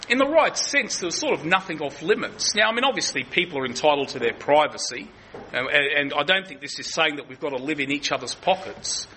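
A man's voice: on the high side, animated, brisk, bright, forceful tone, a little hiss or hum, poor audio. A man preaching an earnest expository sermon, often restarting his sentences.

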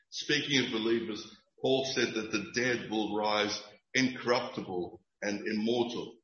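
Male pastor giving a sermon, low-pitched, earnest and emphatic, in a roomy, dull recording. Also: a bit bright. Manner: earnest, emphatic, measured preaching with occasional restarts.

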